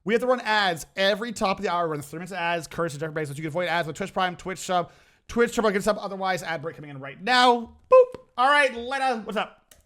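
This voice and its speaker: A male streamer reacting live with his chat, excitable, stumbling over his words and restarting often. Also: sits high, fast.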